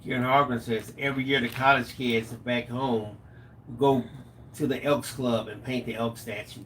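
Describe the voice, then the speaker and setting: Middle-aged guy telling stories on a live stream, animated, acts out the quotes, faint hiss behind. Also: medium pitch, normal speed. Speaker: co-host of a live craft stream. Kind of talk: casual storytelling chat.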